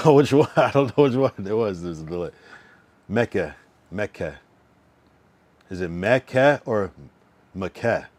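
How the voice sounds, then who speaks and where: A man's voice: on the low side, expressive, a little fast, few pauses, darkish tone, dry recording. A young man on a casual live stream, chatting loosely and repeating a word again and again to get the pronunciation right. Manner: loose and rambling, with many fillers and laughs. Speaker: livestreamer.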